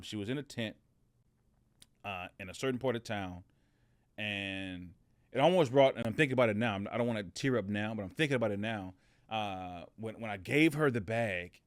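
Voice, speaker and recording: A man's voice: mid-range voice, a bit bright, no room sound, clean studio sound. A middle-aged man hosting a motivational podcast, telling a story in a casual way with many fillers and restarts. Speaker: podcast host.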